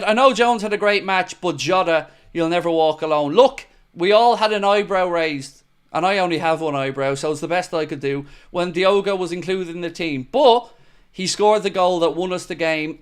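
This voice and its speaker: A man's voice: fairly high pitch, moderate pace, clear, resonant tone. A young man hosting a live football fan show, reacting to the match and reading viewer comments in blunt, matey banter.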